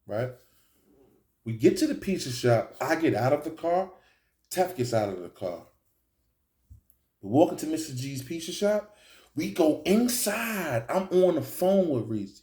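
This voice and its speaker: A young man recounts a tale in a lively, streetwise way. His voice sits a little high and swings widely as he talks. Heavy slang, swearing and "right?" asides keep it conversational, and the room gives it a noticeable echo. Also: unhurried, pauses often. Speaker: storyteller. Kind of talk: casual storytelling to camera. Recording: roomy echo.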